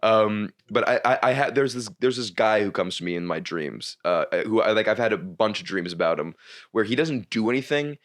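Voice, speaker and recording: A man's voice: lowish voice, lively intonation, a little fast. A man, a comedian, telling a long story on a podcast in a rambling, casual way, with many restarts and frequent swearing. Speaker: comedian guest.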